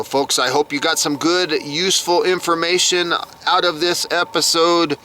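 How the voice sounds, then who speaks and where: A man's voice: on the high side, bright, forceful tone, slight background noise. A man recapping a TV episode from his notes in a chatty, reactive way. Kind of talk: casual recap monologue.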